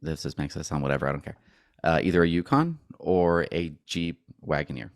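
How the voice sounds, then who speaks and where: A man talking casually on a podcast, telling stories with lively acted-out back-and-forth exchanges. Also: a bass voice, fairly quick, no echo, clean studio sound. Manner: animated storyteller who acts out both sides of conversations. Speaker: podcast co-host.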